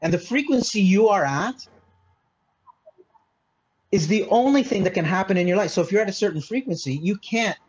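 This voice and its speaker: Man, from Malta, consultant, earnest explaining, slightly high, husky, lo-fi recording. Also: darkish tone. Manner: earnest, explaining with many restarts and "you know". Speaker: mindset consultant, podcast guest. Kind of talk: casual interview talk.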